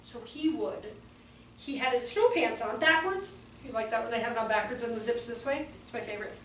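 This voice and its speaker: A woman's voice: a little high, a little fast, a bit bright, a little hiss or hum. A woman presenting a live workshop for teachers, telling chatty stories and acting out quotes in voices, recorded in a room with an audience. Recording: echoey room, distant mic, faint ambience.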